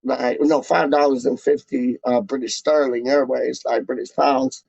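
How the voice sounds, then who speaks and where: A man's voice: medium pitch, fairly even intonation, moderate pace, gravelly, a little mellow, breathy edge, no room sound. A man hosting a casual live stream, rambling in slangy talk full of filler words as he reads out chat messages. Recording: dull lo-fi dry recording.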